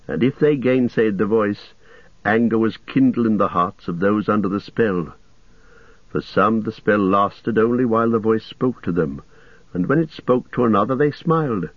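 A male narrator reads a fantasy story in a measured, even manner. His voice is low and dry, and the recording sounds dull and lo-fi. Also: no echo. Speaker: audiobook narrator. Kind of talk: scripted narration.

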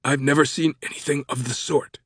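A man's voice: medium pitch, fairly even intonation, a little fast, breathy edge, no room sound, studio quality, pitched above the performer's own voice. A man voicing a stern, skeptical woman security director who speaks with sarcasm and makes demands.

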